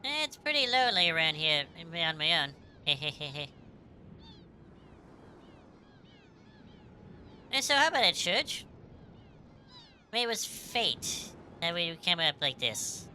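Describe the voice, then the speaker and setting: A woman's voice: fairly low pitch, very animated, unhurried, few pauses, sharp tone, slight background noise, exaggerated voice. A woman voicing a brash, cocky young female thief from a game, tough and slangy, reading the dialogue aloud.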